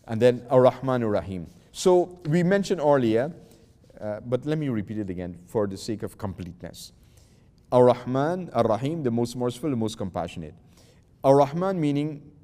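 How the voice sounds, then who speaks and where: A man with a mellow, mid-range voice gives a patient religious lesson, reciting verses, translating them and explaining each word. He often repeats himself and restarts with "uh." His voice trails off into a long reverb tail.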